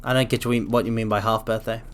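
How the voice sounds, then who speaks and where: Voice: mid-range voice, flat delivery, a little fast. A game streamer chatting casually while playing, rambling playfully and dropping into silly sound effects.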